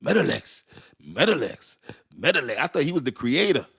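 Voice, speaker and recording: A man in the middle of a casual crypto live stream, chatting loosely with his viewers. He repeats himself and thinks out loud while reading, and laughs often. His voice sits at an ordinary, mid-range pitch for a man. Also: big pitch swings, moderate pace, creaky, husky. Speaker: crypto livestream host.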